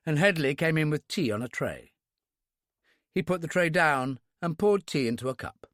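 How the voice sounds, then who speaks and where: A man narrating a thriller audiobook in a dramatic, animated reading. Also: fairly high pitch, dry recording, studio quality. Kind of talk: scripted narration.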